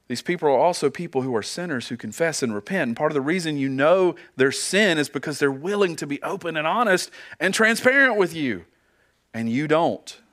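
A man's voice: on the high side, fairly bright tone. A man preaching a sermon as pastor, earnest, asking his listeners rhetorical questions and often repeating words as he goes.

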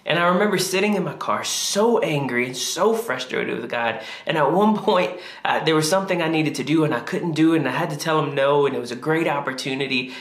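A man preaching a sermon as a pastor, earnest and confessional, climbing higher when he acts out his own prayers. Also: fairly quick, hardly any pauses, fairly bright tone. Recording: echoey room.

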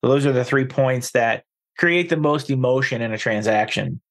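A man co-hosting a casual podcast, talking in a relaxed, joking way. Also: mid-range voice. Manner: relaxed, conversational, quick to laugh and joke. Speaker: podcast co-host, real estate agent.

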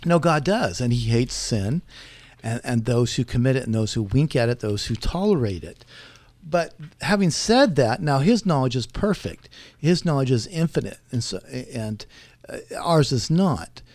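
A man's voice: medium pitch, very animated, normal speed, darkish tone, no echo. A man, a theology professor, explaining scripture on talk radio in a lecturing way with many fillers.

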